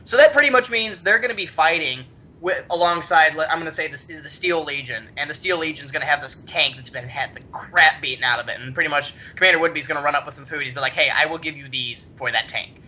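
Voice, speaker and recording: A man co-hosting a casual podcast, telling long stories in a rambling, animated way. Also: on the high side, fast, slight background noise. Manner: rambling, animated, many restarts. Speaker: podcast co-host. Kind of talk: casual chat, storytelling.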